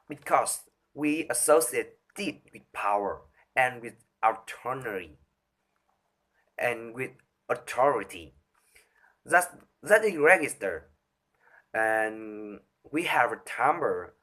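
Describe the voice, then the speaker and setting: A man reciting a speech from memory, halting and restarting often as he stumbles over words. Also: mid-range voice, expressive, a bit bright. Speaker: speaker rehearsing a talk on voice.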